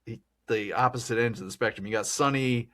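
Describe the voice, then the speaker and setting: A podcast host talks through a film in a rambling, chatty way, laughing often. His voice is mid-range, bright and pushed, and he speaks briskly in this casual film discussion.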